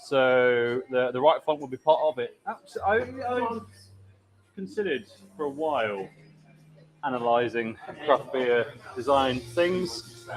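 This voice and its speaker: A man's voice: medium pitch, animated, slow pace, low-quality recording. A man hosting a live stream from a pub taproom, chatting casually and reading viewer comments aloud.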